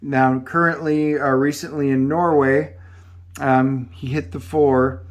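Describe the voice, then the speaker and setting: A man's voice: medium pitch, little pitch movement, slow pace. A man reviewing comic books and retelling the story in a casual way, with many fillers and restarts.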